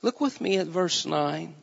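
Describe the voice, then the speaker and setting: A man's voice: on the high side, takes it slowly, creaky, breathy edge. A man preaching a sermon, reading scripture aloud and then building fervently with repeated phrases, recorded with a dull sound in a large hall. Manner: reads scripture in old-fashioned wording, then preaches with rising fervor and repetition.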